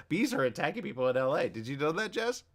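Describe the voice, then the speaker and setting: A man's voice: a little high, very animated, a little fast. A man hosting a talk radio show, chatting casually, rambling through stories and laughing often.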